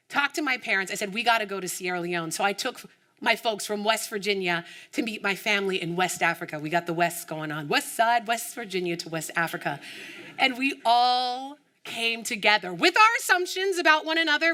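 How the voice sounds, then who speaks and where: A woman from the United States giving an inspirational keynote talk, telling her story with animated storytelling and acting out the voices of the people in it. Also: mid-range voice. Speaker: keynote speaker.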